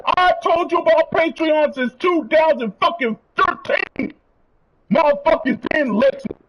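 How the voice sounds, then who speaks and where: Man ranting, high-pitched and profane. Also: normal speed, dull audio, a little hiss or hum. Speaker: streamer. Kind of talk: angry rant.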